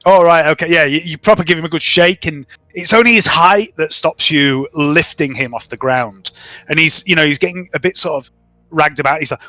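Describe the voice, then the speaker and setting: A man's voice: on the high side, fairly quick, sharp tone, no room sound, faint music behind. A man narrating a tabletop game as game master, in a chatty, descriptive way. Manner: chatty, descriptive, laughs easily.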